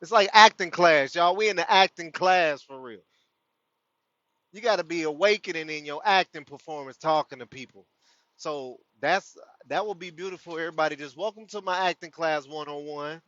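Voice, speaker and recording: A man's voice: a little high, moderate pace, fairly bright tone, no echo. Man, casual spiritual talk, muffled lo-fi audio, dry. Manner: loose, conversational, laughs often. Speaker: host of a spiritual community livestream. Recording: dull lo-fi sound.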